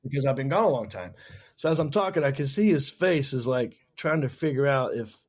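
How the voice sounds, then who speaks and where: A man's voice: medium pitch, fairly quick. A man from North Carolina with a Southern US accent, a comedian telling stories in a casual chat and acting out what others said. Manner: animated storyteller, acts out others' lines. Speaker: comedian guest.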